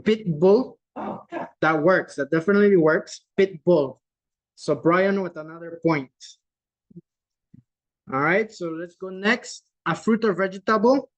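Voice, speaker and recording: In a rough recording, a medium-pitched game host at a virtual conference casually runs a chat-based quiz over video. Each clue is repeated at a slow pace, chat answers are read out, and "right?" keeps popping up in the easygoing talk.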